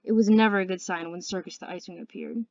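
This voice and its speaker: An earnest woman reading a fantasy novel aloud at home, careful and steady, stumbling over a word now and then. Her voice sits at a middle pitch and sounds somewhat muffled and close, with a dry, echo-free sound. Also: quick pace. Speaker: audiobook reader. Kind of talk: amateur audiobook narration.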